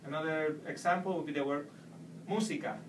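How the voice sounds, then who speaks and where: A man giving a Spanish pronunciation lesson, slowly explaining and repeating example words. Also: fairly high pitch, noisy background. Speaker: Spanish teacher. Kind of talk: video language lesson. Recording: echoey room, mic at a distance.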